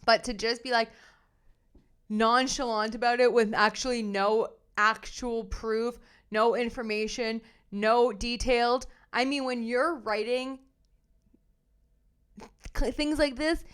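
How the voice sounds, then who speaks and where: Woman, commentary host, animated and sassy, smooth voice. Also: on the high side, measured pace. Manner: animated and sassy, laughing and using slang. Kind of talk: casual commentary, reading viewer comments.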